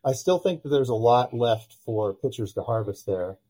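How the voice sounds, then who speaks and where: A man guests on a casual podcast, his voice dark and mellow with a husky edge. He tells stories with animation and slips into the voices of the people he quotes. His pitch sits in the middle range for a man. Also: moderate pace, poor audio. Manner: animated storyteller who acts out quoted dialogue. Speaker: podcast guest, pitching analytics company founder.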